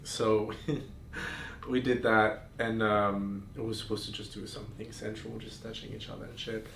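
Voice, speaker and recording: A man's voice: fairly low pitch, little pitch movement, unhurried, gravelly, fairly bright tone. A man hosting a podcast, telling explicit stories in casual chat, full of fillers and restarts. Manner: candid, explicit storytelling with frequent fillers. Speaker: podcast host. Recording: roomy sound, far from mic, faint noise.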